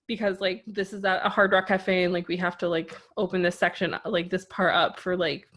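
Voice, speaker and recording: A woman's voice: on the low side, little pitch movement, brisk, a bit bright. A woman co-hosting a podcast, telling a long personal story in a loose, rambling way and saying "like" constantly. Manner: rambling storyteller, heavy use of "like". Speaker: podcast co-host. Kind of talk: casual podcast chat.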